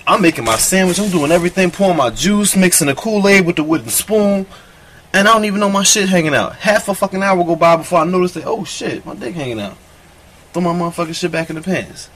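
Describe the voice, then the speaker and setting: Profane, rambling man with a higher voice. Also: a bit bright, slight background noise. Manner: boastful, profane, rambling storytelling. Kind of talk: crude comedic monologue.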